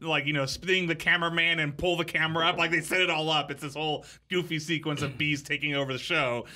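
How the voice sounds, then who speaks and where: A young adult man, a podcast co-host, casually brainstorming a story and acting out characters in quick quoted voices. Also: a little high. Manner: animated, acts out characters with funny quoted voices.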